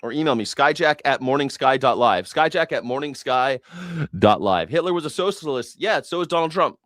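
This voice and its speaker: An American man hosts a news reaction stream. He sounds sarcastic and mocking and swears freely, at a mid pitch. His voice is recorded close and dry, with almost no room sound. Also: expressive, brisk, fairly bright tone, no echo. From United States. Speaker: news reaction show host. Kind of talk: profane livestream commentary.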